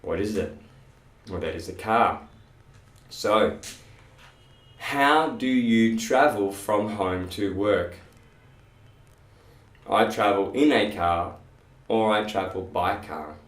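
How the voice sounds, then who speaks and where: A man teaching English pronunciation in a classroom, slowly drilling sounds and words with lots of repetition. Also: on the low side, a bit bright. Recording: echoey room, voice from far off.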